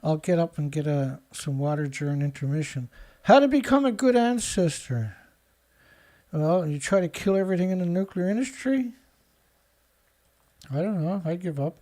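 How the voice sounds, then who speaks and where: A man's voice: fairly high pitch, animated, normal speed, long pauses, mellow. A man hosting his own show, reading news headlines aloud and answering them with sarcastic, indignant commentary. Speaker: show host.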